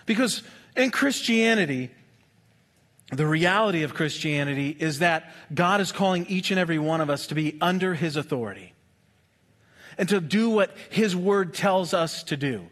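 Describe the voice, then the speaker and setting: A man preaching a sermon in a conversational, humorous way, with quick asides to the congregation. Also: on the high side, expressive, fairly bright tone. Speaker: pastor.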